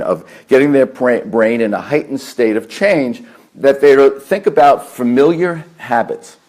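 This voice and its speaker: A man with a New York accent, a therapist lecturing a meditation group, earnest and deliberate, stacking repeated phrases with fillers. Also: medium pitch, a little mellow. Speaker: therapist giving a talk. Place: meditation center hall.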